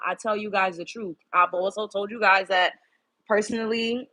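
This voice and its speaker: A woman's voice: medium pitch, steady tone, normal speed, pushed and bright. A young woman from Brooklyn, hosting a casual livestream, blunt and candid, swearing freely and greeting viewers by name. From Brooklyn, New York. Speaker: livestream host.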